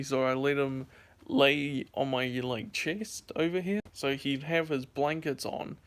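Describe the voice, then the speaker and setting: Young male vlogger, tired, higher-pitched, rambling casual storyteller. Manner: rambling, many fillers and restarts. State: sleepy.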